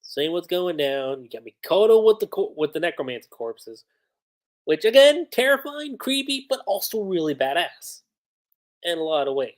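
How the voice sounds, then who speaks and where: A livestream host recapping manga chapters in a casual, excited way, chatty with frequent laughs and lots of "like" fillers. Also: medium pitch, normal speed.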